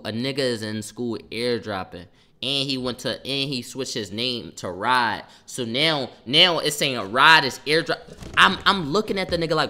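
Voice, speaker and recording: Sharp-voiced young man ranting on stream. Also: mid-range voice, brisk. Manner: animated, profane, reacting to chat while talking. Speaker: livestreamer telling a story. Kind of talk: casual storytime on a livestream.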